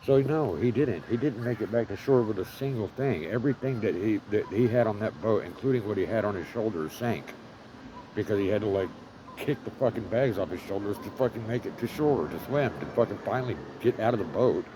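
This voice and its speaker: A man with a fairly low voice tells a rambling story, swearing heavily and leaning on fillers. He is recorded outdoors in an urban spot, and loud traffic noise fills the background. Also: expressive, a little fast. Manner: profane, rambling, full of fillers. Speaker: vlogger living homeless.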